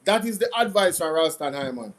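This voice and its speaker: A Jamaican man hosting a casual commentary show, talking in an animated, repetitive, mocking way. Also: a little high, brisk, rough recording. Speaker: commentary channel host.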